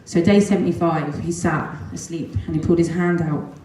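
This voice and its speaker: A woman's voice: lowish voice, a little fast. Earnest mother in an echoey room. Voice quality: earnest, animated, with frequent ums and nervous laughs. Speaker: mother giving a testimonial. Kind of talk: emotional personal storytelling talk. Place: large echoey room at a talk event.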